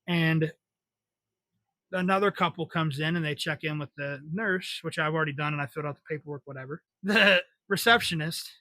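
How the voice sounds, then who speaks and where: A man in his twenties with a somewhat high, bright, forceful voice tells a long story in plain, profane, wry talk. The sound is dry and close, with no room behind it. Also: brisk, no echo. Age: 20s. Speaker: podcast host. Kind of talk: casual storytelling.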